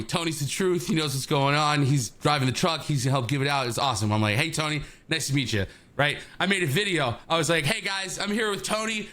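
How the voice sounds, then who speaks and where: A man co-hosting a podcast, telling a long story in an animated way and acting out other people's lines. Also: a little high. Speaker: podcast co-host.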